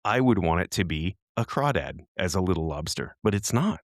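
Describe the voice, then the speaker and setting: Animated lower-voiced man co-hosting a podcast. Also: normal speed, no echo, studio quality. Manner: animated, curious, joking. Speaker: podcast co-host. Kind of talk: casual podcast chat.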